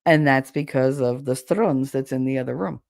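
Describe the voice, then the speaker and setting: A woman's voice: extremely low pitch, moderate pace, gravelly, a little mellow, dry recording, clean studio sound. A woman with a Chicago accent chatting on a livestream, rambling, losing her train of thought and laughing often. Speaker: livestream host. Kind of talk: casual livestream chat reading comments.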